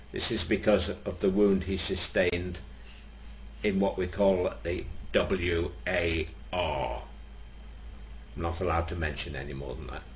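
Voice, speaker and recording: A male comedian telling jokes to an audience, with dry, unhurried storytelling and mock-solemn asides. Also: lowish voice. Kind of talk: stand-up joke telling.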